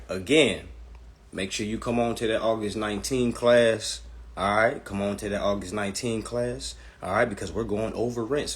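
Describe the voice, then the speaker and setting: A man's voice: on the low side, a bit bright. A man hosting a live stream, answering viewers' questions from chat in a blunt, profane, ranting way while promoting his class. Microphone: phone.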